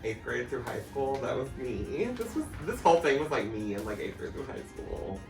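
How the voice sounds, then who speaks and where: Drag performer guy reading fanfic out loud, campy, roomy echo. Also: mid-range voice, sing-song, normal speed, creaky. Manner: campy, breaks into laughter. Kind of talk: comic dramatic reading of a fanfic. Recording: echoey room, mic at a distance, faint music.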